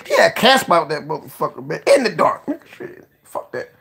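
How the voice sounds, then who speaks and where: A man hosting a casual live stream, joking, cursing freely, laughing often and giving shout-outs to viewers. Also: a little high, wildly swooping pitch, measured pace, gravelly, background noise.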